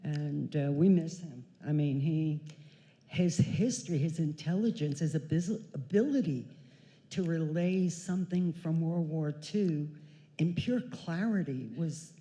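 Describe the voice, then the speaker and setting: A chatty woman in her sixties tells a family story on a church stage, lively and quick to laugh. Her voice is warm and mellow. A long reverb hangs in the large hall around her. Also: low-pitched. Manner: chatty, animated, laughing, acting out quotes. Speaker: daughter telling family story.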